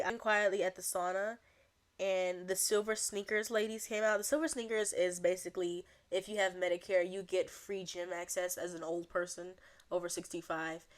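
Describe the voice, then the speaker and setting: A young adult woman hosts her own comedy podcast and talks alone. She rambles through her stories in an animated way and breaks into laughter often. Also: mid-range voice. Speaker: podcast host. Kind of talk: solo comedic podcast rant.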